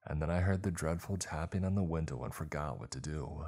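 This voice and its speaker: A man's voice: extremely low pitch, brisk, a little mellow, husky. A man narrating a first-person horror story in a dramatic, scripted storytelling manner.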